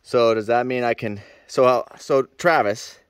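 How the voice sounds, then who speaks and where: A man's voice: medium pitch, a little slow, smooth, dry recording. A man filming a family hike outdoors, joking and laughing as he talks to the camera. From Canada. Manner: joking, playful, laughs often. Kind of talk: casual chat. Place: outdoors on a hiking trail.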